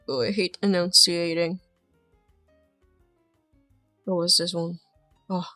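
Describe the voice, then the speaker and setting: A woman streamer who is not a native English speaker chats casually, musing in soft trailing asides. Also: lowish voice, little pitch movement, slow, pauses often, no room sound, faint music behind. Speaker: streamer reacting to videos. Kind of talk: casual chat.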